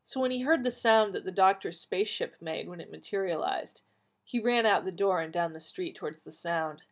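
A woman reading a story aloud, lightly acting out the dialogue. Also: moderate pace. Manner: lively, acts out dialogue with raised pitch. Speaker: reader of fan fiction. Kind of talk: storybook narration with character voices.

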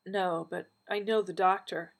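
A feisty, blunt woman who teases and exclaims, as a female reader puts her on. Her voice jumps up in pitch and volume with a husky edge, storybook style. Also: fairly even intonation, measured pace.

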